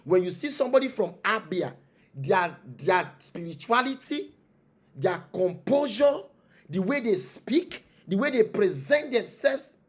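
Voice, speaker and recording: A man with a Nigerian accent, a traditional spiritual leader speaking as an interview guest, preaching with rhetorical questions and repeated phrases. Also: high voice. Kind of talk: impassioned interview monologue.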